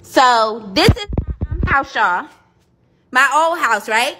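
Brash high-voiced woman ranting on a livestream. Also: animated, slow, background noise. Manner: brash, profane, addresses viewers as y'all. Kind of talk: casual livestream rant.

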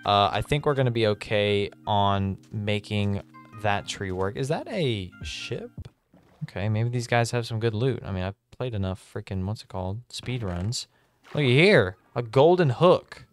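A man giving excitable, chatty gameplay commentary and talking straight to his viewers. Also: fairly low pitch, unhurried, soft background music. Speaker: gaming video host.

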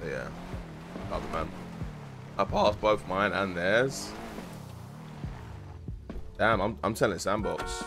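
A man's voice: deep voice, slow pace, gravelly, pauses often, music in the background. A young man chatting casually with his live-stream viewers while gaming, joking around and using slang. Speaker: game streamer.

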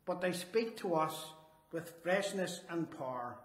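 A man delivers a sermon in an earnest, emphatic way, drawing out the phrases he wants to land. His voice sits somewhat high for a man. The sound carries the echo of a church hall. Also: lively intonation, measured pace. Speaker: Salvation Army officer preaching.

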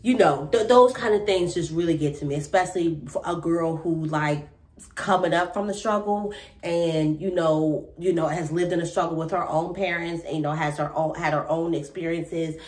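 A woman's voice: on the low side, normal speed, a little mellow. A young woman casually recapping a reality TV episode in a rambling, chatty way with lots of fillers.

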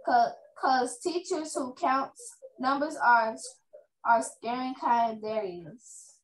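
Woman reader, high pitch, unhurried halting read-aloud, echoey room with faint noise. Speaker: reader at a reading fair. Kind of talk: reading a children's chapter book aloud.

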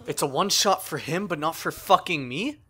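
A man's voice: fairly high pitch, lively intonation, normal speed, pushed and bright, slight background noise. A young man giving raging gameplay commentary, swearing constantly and yelping in frustration. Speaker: gaming YouTuber.

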